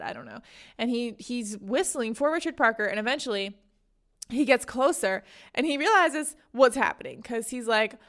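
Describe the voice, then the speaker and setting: A young woman with a slightly high voice hosts a casual book podcast. She talks in a chatty, easygoing way and acts out the characters' lines with big jumps in pitch. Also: fairly bright tone. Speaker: podcast host.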